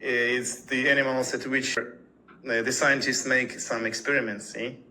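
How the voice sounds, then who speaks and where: Bright-voiced hesitant man student. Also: medium pitch, level tone, measured pace, slight background noise, low-quality recording. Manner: hesitant, repeats words. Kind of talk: casual conversation.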